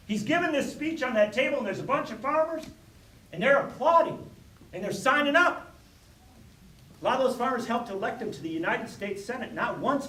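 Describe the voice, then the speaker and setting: A man giving an impassioned speech, moving between hushed storytelling and loud rallying cries. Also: high-pitched. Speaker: keynote speaker. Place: large hall with audience. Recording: echoey hall from far off, crowd and noise.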